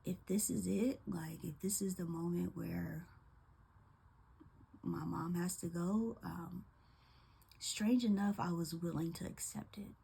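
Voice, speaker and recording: A young woman, a teacher, telling a personal story of grief in a soft, halting way with many pauses and fillers, holding back tears. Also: lowish voice, steady tone, gravelly, slightly rough. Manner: soft-spoken, halting, many ums and likes. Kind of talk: personal testimony.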